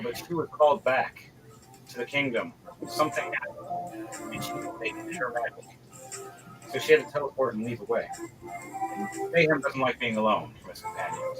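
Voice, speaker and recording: A man's voice: mid-range voice, poor audio. A man narrating as game master of a tabletop role-playing session, in a loose, conversational way with frequent restarts.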